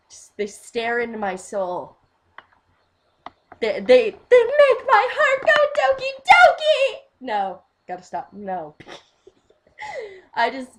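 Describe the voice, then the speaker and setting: A young woman talking casually as a fan video host, rambling, giggling and restarting her sentences. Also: medium pitch.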